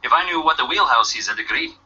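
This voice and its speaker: A blunt, raspy local man from a mystery game, with a heavy accent. He talks fast in a sharp, lively voice. The audio sounds dull and lo-fi. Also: medium pitch, exaggerated voice.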